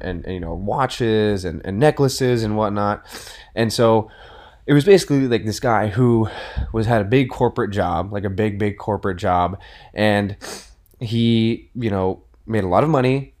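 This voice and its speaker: Twenty-year-old male podcast host, lowish voice, loose storytelling with lots of fillers. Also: a little mellow. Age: 20s. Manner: rambling, many fillers and restarts, acts out quoted dialogue. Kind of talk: casual storytelling monologue.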